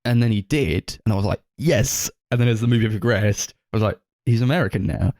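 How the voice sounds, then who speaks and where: A man's voice: lowish voice, fairly even intonation, quick pace, a little mellow, dry recording. A man co-hosting a casual film podcast, talking in a rambling way full of fillers and quoted asides. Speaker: podcast co-host.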